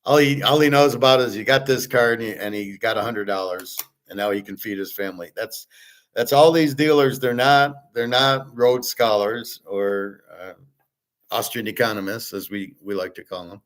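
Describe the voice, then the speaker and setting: Blunt, opinionated man with a lowish voice. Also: fairly even intonation, normal speed, a bit bright, rough recording. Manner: blunt, opinionated, crude at times. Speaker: host. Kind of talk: casual rambling monologue.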